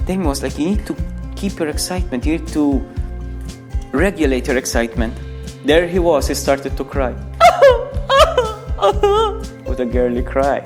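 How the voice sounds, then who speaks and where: A man's voice: medium pitch, a little fast, music in the background. A young man reading a crude comic story aloud, breaking off for mocking asides to the listener. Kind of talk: mock bedtime story reading.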